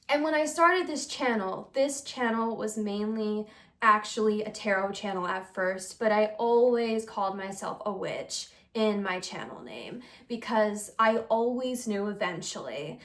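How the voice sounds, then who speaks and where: In a casual vlog, a young woman who reads tarot and runs the channel confides in the camera, rambling earnestly with fillers and giggles. She speaks unhurriedly in a mid-range, somewhat bright voice.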